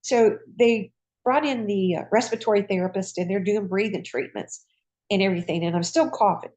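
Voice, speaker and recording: A woman, a retired nurse, telling her own patient story in a lively, folksy conversational way. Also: medium pitch, brisk. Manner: lively, acts out voices in quoted dialogue. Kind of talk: personal storytelling.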